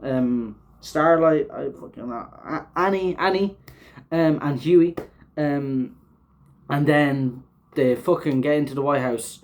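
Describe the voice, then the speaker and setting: Man, fairly high voice, loose reaction-show host: casual, rambling, filler-heavy, swears a lot. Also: takes it slowly. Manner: rambling, filler-heavy, swears often, laughs while talking. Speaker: show host reviewing an episode.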